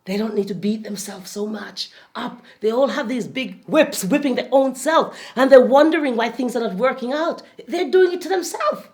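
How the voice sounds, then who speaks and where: Lively Jamaican woman motivational speaker. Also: a little high, moderate pace, few pauses. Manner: lively, laughing often, with repeated phrases and sudden loud peaks. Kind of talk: animated inspirational talk to a group.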